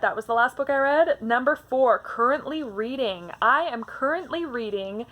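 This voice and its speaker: Woman, book vlogger, bubbly and hyper, voice sits a bit high. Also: normal speed, few pauses, dull audio. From Canada. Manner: hyper and bubbly, chatty with frequent restarts. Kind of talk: casual book tag vlog.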